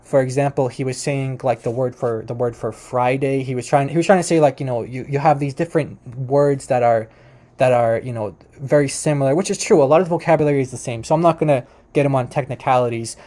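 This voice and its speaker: A man's voice: mid-range voice, dark tone. A man giving casual commentary on debate clips, rambling with many restarts and fillers, and chuckling now and then. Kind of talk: casual commentary over a screen share.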